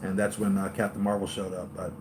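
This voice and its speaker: A man hosting a live stream for his toy-collector channel, chatting excitedly and going off on tangents, with lots of fillers and restarts. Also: deep voice, fast, noisy background. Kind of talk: rambling live-stream fan chat.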